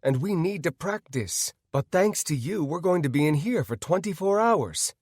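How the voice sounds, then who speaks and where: A man's voice: a little high, expressive, moderate pace, a little mellow, slightly rough, no echo, studio quality, voice pushed up. A man voicing a serious, reproachful young woman in a guild in an audiobook. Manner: reproachful, earnest.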